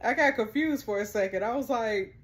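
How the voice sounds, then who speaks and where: A young adult woman, a gaming YouTuber, plays a story game and reads its text messages aloud while chatting with her viewers. She's chatty, exclaims often and calls her audience "y'all." Her voice is fairly high and she talks a little fast.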